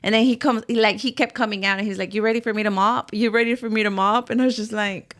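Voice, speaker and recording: A woman's voice: mid-range voice, steady tone, fast, fairly bright tone. A middle-aged woman casually telling a spooky story on a podcast, rambling and acting out quotes. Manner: rambling, swears, acts out quotes. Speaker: podcast host.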